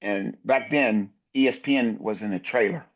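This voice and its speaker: A man's voice: lowish voice, moderate pace, lo-fi sound. A man in his sixties, a basketball referee, telling anecdotes in a podcast interview and acting out other people's lines.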